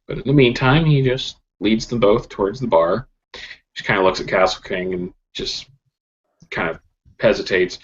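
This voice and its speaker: Narrating a tabletop game as its game master, this man laughs often and leans on many fillers. His voice is on the low side at a moderate pace, recorded on a dull lo-fi mic carrying faint noise.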